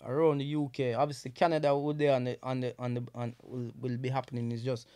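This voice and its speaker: A man with a Jamaican accent, a guest comedian telling animated stories in patois on a casual podcast, with many restarts. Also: mid-range voice, fast, clean tone.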